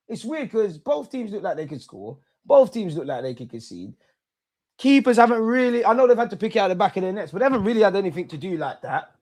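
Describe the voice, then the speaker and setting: A young man hosts a live football watch-along. His voice sits a touch high, and he swings between worked-up shouting at the referee and pleading with his team to calm down. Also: fairly quick. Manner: excitable, swears at the referee, urges calm. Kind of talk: live match reaction commentary.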